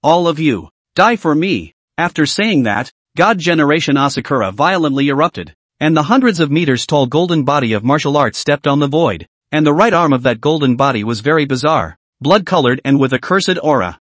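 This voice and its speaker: A male narrator reads a martial fantasy audiobook in a steady, even way. His voice sits a little high, and the recording is dry and close with no room sound. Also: fairly quick, hardly any pauses, dry recording.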